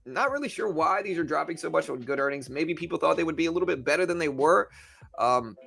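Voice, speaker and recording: Young male livestream host, gravelly and bright, easygoing chat. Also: on the high side, lively intonation, fast talker, soft background music. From Louisiana, USA. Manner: loose, chatty, answers viewer comments. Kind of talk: casual live-stream chat.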